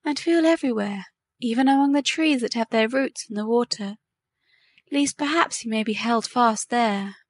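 A woman voicing a gentle little male grey snake in a storybook, speaking calmly and reassuringly. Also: on the high side, normal speed, dry recording, lightly acted. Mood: urging. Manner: calm, reassuring storybook dialogue.

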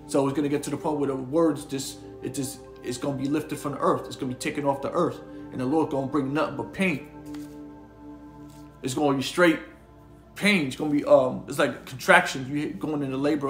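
A man's voice: mid-range voice, roomy sound. A man preaching an informal sermon, reading scripture aloud and talking in a slangy, conversational way with frequent repeated words. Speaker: street preacher.

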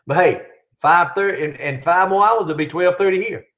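A man's voice: high voice, moderate pace, fairly bright tone. A middle-aged man hosting a casual live chat, reading out viewer questions and answering them. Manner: reads viewer questions aloud, chatty.

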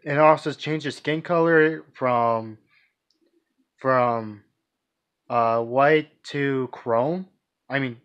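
A man's voice: mid-range voice, a bit bright. A man vlogging casually, answering viewer questions in a rambling, hesitant way with many restarts and fillers. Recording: dull lo-fi recording.

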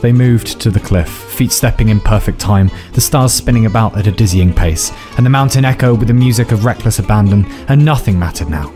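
A man reading a scripted story in a measured storytelling manner. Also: lowish voice. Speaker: narrator. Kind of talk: scripted narration. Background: faint music.

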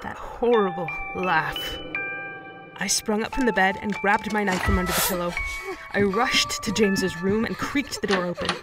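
A woman's voice: mid-range voice, a little fast. A woman narrating a first-person horror story in a dramatic, emotional reading style. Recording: distant mic with loud background music.

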